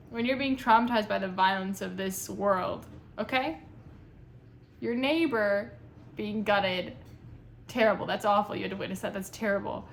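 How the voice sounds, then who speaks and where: A young woman reviewing a book in a casual, chatty way, nitpicky and animated. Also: medium pitch, a little hiss or hum. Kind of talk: casual chat.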